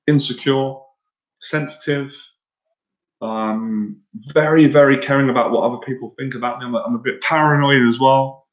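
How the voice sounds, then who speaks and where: A man speaking earnestly and emotionally in a live-stream monologue, often stumbling and repeating himself as a coach. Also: mid-range voice. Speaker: dating and anxiety coach. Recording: roomy, dull lo-fi sound.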